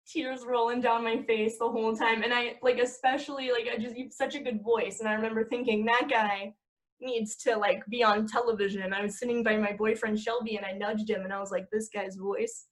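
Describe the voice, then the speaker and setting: A woman's voice: on the high side, steady tone, fairly quick. A young adult woman chatting as a podcast guest, rambling and laughing at herself as she talks. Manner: rambling, laughing, self-mocking. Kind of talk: casual podcast chat.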